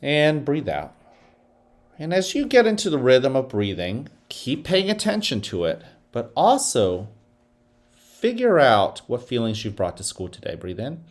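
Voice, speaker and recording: A school principal gives the morning announcements, his voice ranging widely and lively in pitch. He calmly and slowly guides students through breathing before moving on to upbeat school news.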